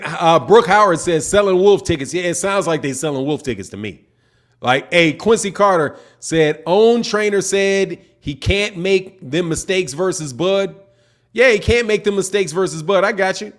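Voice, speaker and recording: A man's voice: sits high, a bit bright. Slangy man hosting a boxing livestream. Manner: laid-back slangy talk, says man and dog often. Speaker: boxing channel host. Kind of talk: casual livestream commentary, reading chat.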